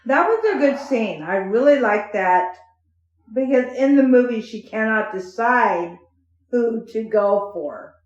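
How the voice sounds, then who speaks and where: A woman's voice: on the high side, unhurried. Woman co-host, echoey and dull. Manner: brief agreeing replies. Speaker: podcast co-host, the host's mother. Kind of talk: casual chat. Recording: roomy, dull-sounding audio.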